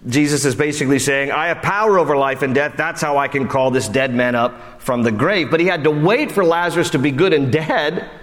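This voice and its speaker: A man preaching a sermon in a casual, conversational way, climbing high and emphatic, then dropping low and hushed. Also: brisk, hardly any pauses, big-room sound. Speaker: pastor. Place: church sanctuary.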